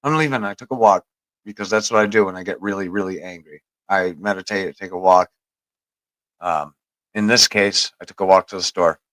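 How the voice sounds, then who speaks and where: Low-voiced man telling a rambling story. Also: steady tone, fairly quick, fairly bright tone, no room sound, low-quality recording. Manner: rambling, profane, laughs at own story. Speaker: podcast host. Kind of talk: casual storytelling chat.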